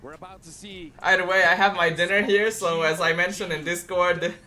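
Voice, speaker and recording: Bright high-voiced male streamer. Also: fairly even intonation, measured pace. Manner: chatty, thanks viewers for gifts. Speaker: streamer hosting a watch party. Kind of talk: casual live-stream chat.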